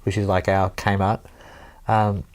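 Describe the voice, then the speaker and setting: A man's voice: on the low side, flat delivery, slow. A Welsh man from Wales telling a rambling story in casual chat, laughing often and swearing now and then.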